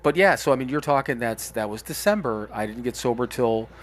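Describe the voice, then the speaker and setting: A man's voice: medium pitch, animated, a little fast, slight background noise. A middle-aged man co-hosting a podcast, talking openly and reflectively, often restarting his sentences. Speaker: podcast co-host. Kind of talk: casual candid podcast talk.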